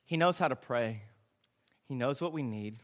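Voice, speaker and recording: A man preaching a sermon as a pastor, with emphatic, repetitive phrasing that builds to loud, impassioned passages. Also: mid-range voice, lively intonation, moderate pace.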